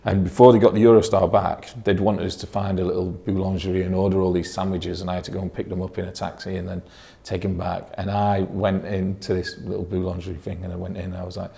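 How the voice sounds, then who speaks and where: Gravelly low man, easygoing guest. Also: level tone, fast, hardly any pauses, mellow. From England. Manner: self-deprecating, casual storyteller. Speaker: podcast guest, events agency worker. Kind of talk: casual conversation, anecdotes. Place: small meeting room at a resort.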